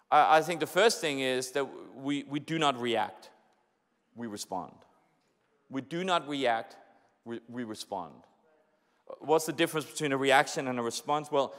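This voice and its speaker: A young man preaching a sermon as pastor, animated and conversational, repeating his points with many rhetorical questions. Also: a little high. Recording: echoey hall.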